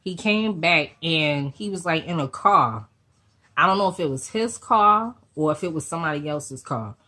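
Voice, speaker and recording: Husky low-voiced woman telling a story. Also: moderate pace. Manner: animated, slangy storytelling with swearing; acts out the voices of people in the story. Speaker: vlogger. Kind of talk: storytime vlog.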